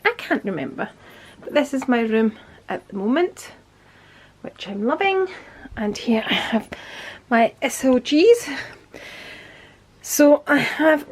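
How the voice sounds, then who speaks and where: Woman, casual home vlog, chatty, showing purchases, fairly high voice, faint background hiss. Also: poor audio. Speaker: vlogger.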